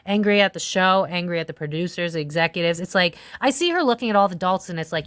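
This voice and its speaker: Woman tarot reader, low-pitched, dry close sound, blunt and profane, casual delivery with loud outbursts. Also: expressive, no room sound. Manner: blunt and profane, quick swings into loud exclamations. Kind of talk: casual tarot reading to camera.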